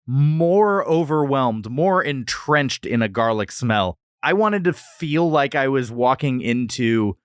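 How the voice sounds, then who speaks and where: A man's voice: mid-range voice, slow pace, few pauses, clear, resonant tone, no room sound, clean studio sound. A man co-hosting a food podcast, telling the story in a playful, joking way. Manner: playful, animated storytelling with jokes. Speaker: podcast co-host. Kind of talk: casual chat.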